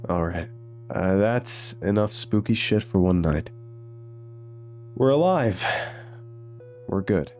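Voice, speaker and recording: A man's voice: fairly low pitch, lively intonation, slow pace, long pauses, a little mellow, faint music behind. A man voicing a cocky teenage scout boy with a brash, dismissive manner.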